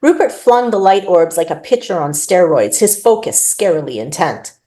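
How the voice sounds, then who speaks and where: Expressive woman author reading aloud. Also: lowish voice, normal speed. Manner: expressive first-person narration. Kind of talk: reading her own fiction aloud.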